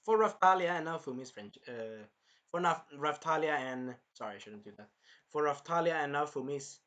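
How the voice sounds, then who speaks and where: Excitable man with a bright voice. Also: on the high side, moderate pace. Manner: excitable, rambling, swears often. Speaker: anime reviewer. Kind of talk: casual video review.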